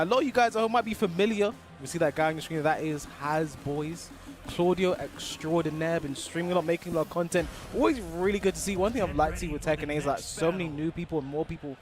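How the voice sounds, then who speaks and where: A man's voice: on the high side, quick pace. A young man commentating live at a fighting game tournament, easygoing and analytical. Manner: easygoing, analytical, chuckles often.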